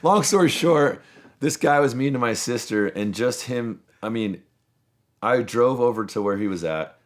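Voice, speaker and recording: A man in his thirties hosting a podcast, telling long, rambling stories in casual chat and swearing freely. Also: fairly low pitch. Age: 30s. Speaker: podcast host.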